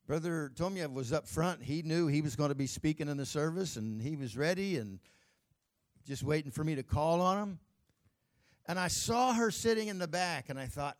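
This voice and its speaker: Male pastor, high pitch, emphatic storytelling sermon. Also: moderate pace.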